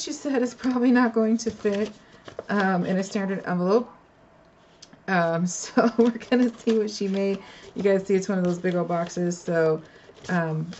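A woman's voice: medium pitch, darkish tone, highs cut off, a little hiss or hum. A woman casually showing off handmade crafts in an unboxing vlog, gushing and muttering little asides as she handles the pieces. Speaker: crafter revealing a card swap.

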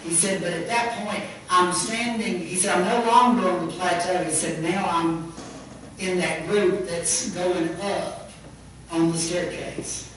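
A high-voiced man preaching an earnest sermon. He is heard from a distance in a very echoey church sanctuary, with faint noise underneath. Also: steady tone, measured pace, fairly bright tone. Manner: retells a story with much quoting, earnest. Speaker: pastor.

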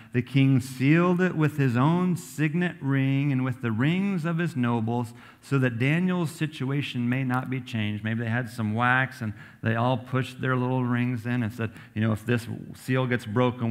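A man pastor preaching a sermon in a church, reading scripture aloud and breaking into casual asides. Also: mid-range voice. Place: church sanctuary.

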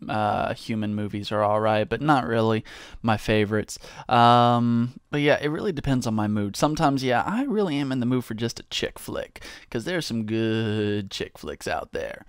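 A man's voice: medium pitch, clean tone, no room sound, clean studio sound. A man answering viewer questions in a casual, rambling, self-mocking way. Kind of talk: casual Q&A monologue.

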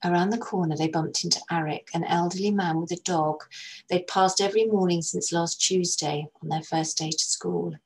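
Husky, low-voiced woman reading a story. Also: fairly even intonation, rough recording. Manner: gentle, measured reading. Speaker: narrator, actress reading a story. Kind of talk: storybook narration.

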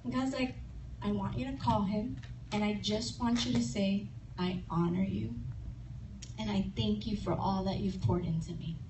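A woman's voice: mid-range voice, steady tone, moderate pace. A woman preaching at a women's retreat, telling a personal story animatedly and often laughing or tearful while acting out conversations. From Chicago. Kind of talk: testimony sermon. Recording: echoey room from far off with noise.

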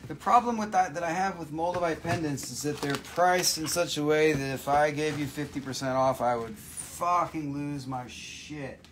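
A man's voice: fairly high pitch, moderate pace, hardly any pauses, background noise. A man hosting a live crystal sale, chatting casually with viewers, swearing freely and answering their questions. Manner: loose, profane, reads out viewer questions. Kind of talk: casual live-stream sales chat.

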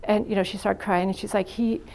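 A woman's voice: medium pitch, little pitch movement, quick pace, gravelly, darkish tone. A middle-aged woman who is a psychiatric nurse gives a frank, chatty university lecture full of anecdotes and "you know" fillers. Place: university classroom.

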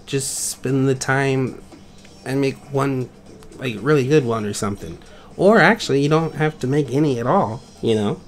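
A man's voice: mid-range voice, steady tone, moderate pace, soft background music. A man hosting a game channel, chatting casually and goofily as he gushes over fan art his viewers sent in. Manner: playful and goofy, gushing over viewers' art. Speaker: YouTube game channel host.

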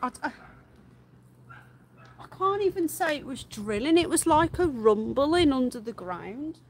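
A woman's voice: high voice, expressive, unhurried, a little hiss or hum. A woman, chatting casually on a live stream from her garden and cooing to her pet rabbits in baby talk. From England. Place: outdoor garden.

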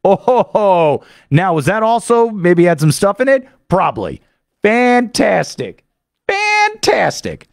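A man hosting a sports radio show, telling a rambling, excitable story full of fillers into a studio microphone. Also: a little high, dry recording. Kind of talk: animated monologue recapping a trip.

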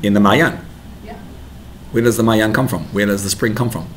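A man's voice: fairly low pitch, fairly even intonation, normal speed. A man giving a Torah class to parents as a rabbi, talking animatedly and building to emphatic bursts.

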